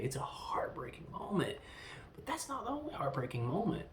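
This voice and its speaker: A man's voice: mid-range voice, lively intonation, moderate pace, a little hiss or hum. A man giving a casual film review, retelling the plot in a rambling, enthusiastic way with lots of fillers. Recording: roomy echo.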